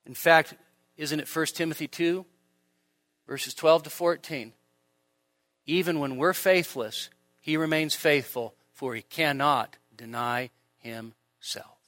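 A male pastor preaching a sermon in a church, animated, with humor and rhetorical questions. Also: on the high side, slow, no echo.

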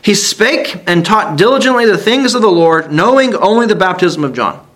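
A man preaching a sermon, reading scripture aloud and asking the congregation direct questions. He talks earnestly, climbing to emphatic peaks and then dropping quiet. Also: high-pitched, lively intonation, normal speed.

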